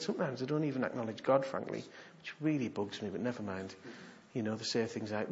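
Animated preacher, dull recording. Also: male voice, fairly low pitch, fast. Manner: animated, humorous, swings from hushed to loud. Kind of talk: sermon.

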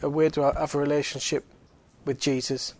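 A man with a fairly high voice gives a relaxed faith talk to a group. He speaks casually and fills his sentences with "you know". He also drops in teasing jokes. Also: moderate pace, dry recording. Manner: conversational, many fillers, joking asides. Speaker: Alpha course speaker. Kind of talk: evangelistic talk.

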